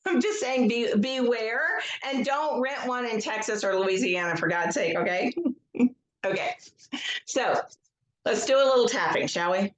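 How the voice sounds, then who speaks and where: Slow, gentle woman leading tapping. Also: a little high. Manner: slow, gentle and measured, with casual asides. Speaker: educational psychologist leading an EFT tapping session. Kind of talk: guided tapping session with spoken affirmations. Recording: echoey room.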